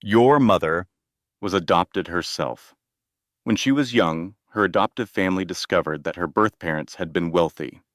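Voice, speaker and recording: Man voicing a calm, formal estate attorney. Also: low-pitched, no echo, studio quality, close to an everyday voice. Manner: measured, formal and gentle.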